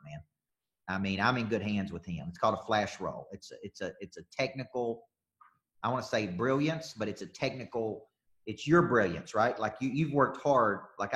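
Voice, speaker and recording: A man's voice: medium pitch, fairly bright tone. Guy running a sales webinar, punchy and repetitive, answering questions. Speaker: sales coach. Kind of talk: live webinar coaching.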